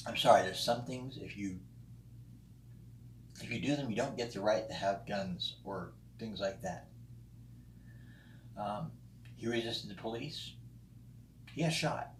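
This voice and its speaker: In an echoey room with faint background noise, a low-voiced man responds to a friend's video. He talks slowly and pauses often, airing blunt, profane opinions in a casual monologue riddled with ums and restarts.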